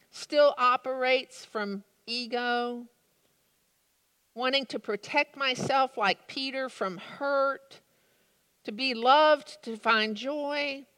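A woman's voice: a little high, bright, forceful tone, clear, resonant tone. A woman preaching a sermon, reading a story and then reflecting on it in an earnest, thoughtful way. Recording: long reverb of a large room.

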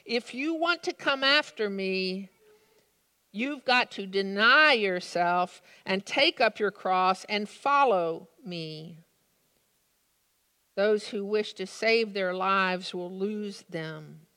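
A woman's voice: medium pitch, takes it slowly, smooth. Woman reading as a stern commanding teacher. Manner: firm, forceful rebuke. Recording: long reverb of a large room.

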